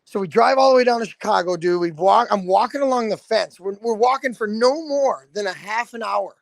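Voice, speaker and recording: Guest storyteller, man in his thirties, high gravelly voice, dry close sound, animated and profane. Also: fairly quick, no echo. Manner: animated storyteller, swears freely, acts out quotes. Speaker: guest, lead singer. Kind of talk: casual storytelling.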